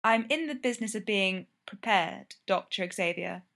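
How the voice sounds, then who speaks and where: A woman reading the lines of a cool, commanding female spy, calm and clipped. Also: mid-range voice, normal speed.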